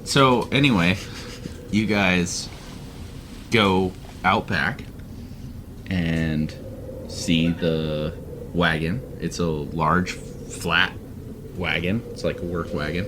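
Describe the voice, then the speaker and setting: A man narrating as game master of a tabletop game, relaxed and joking. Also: deep voice, extremely slow, long pauses, noisy background.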